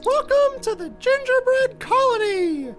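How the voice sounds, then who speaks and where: Chirpy gingerbread colony greeter. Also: female voice, very high voice, expressive, a little slow, music in the background. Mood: excited. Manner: bright, exclamatory. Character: cheerful gingerbread colony announcer woman. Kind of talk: video game character dialogue.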